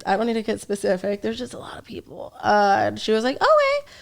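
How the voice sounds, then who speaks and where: Brief: woman comedian guest, smooth clear voice, lively and profane storyteller. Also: medium pitch, quick pace. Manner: lively storyteller, curses freely. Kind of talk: casual podcast storytelling.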